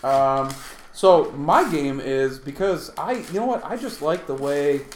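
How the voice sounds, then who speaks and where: A man's voice: on the high side, animated, unhurried, echoey room, a little hiss or hum. A man hosting a casual chat, rambling and joking with frequent swearing. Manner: rambling, profane, jokey. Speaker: podcast host.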